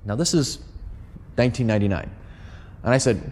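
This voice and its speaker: A middle-aged American man speaks to a live audience at a Catholic gathering, with a mid-range voice. He is a lively storyteller who slips into the voices of the people in his stories. His words trail off into the long reverb of a large hall. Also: medium pitch, a little fast. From United States.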